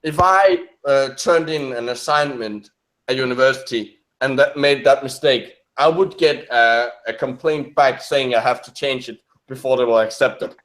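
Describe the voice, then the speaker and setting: A man's voice: mid-range voice, normal speed, fairly bright tone, poor audio. A young man chatting casually while commenting on a video, hesitant and full of restarts. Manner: hesitant, many restarts, laughs often.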